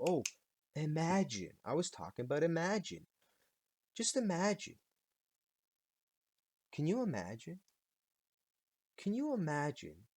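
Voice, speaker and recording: A man's voice: medium pitch, darkish tone, no room sound. A man hosting a solo podcast, ranting in a rambling, sarcastic and profane way. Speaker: podcast host.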